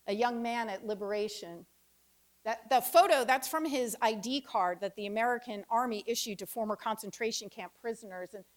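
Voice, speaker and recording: A woman in her fifties performing a reflective personal essay with wry storytelling and pauses. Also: mid-range voice. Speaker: author giving a reading.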